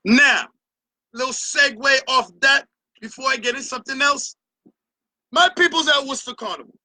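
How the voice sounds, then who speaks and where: A middle-aged Barbadian man holds forth on his opinion show in a very high, sharply bright voice. He talks with heated, emphatic passion and a lot of cursing. The sound is bone dry, with no room echo at all. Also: moderate pace. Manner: passionate, profane, emphatic ranting. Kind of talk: opinion rant to camera.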